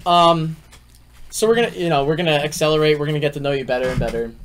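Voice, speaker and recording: A man's voice: on the high side, quick pace. A young man co-hosting a casual chat, playful and teasing, setting up questions for a guest. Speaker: co-host. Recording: faint background noise.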